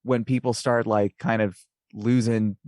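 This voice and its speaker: Low-voiced man, dry close sound. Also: level tone, a little slow, darkish tone, dry recording. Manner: rambling, filler-heavy. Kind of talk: casual podcast chat about music.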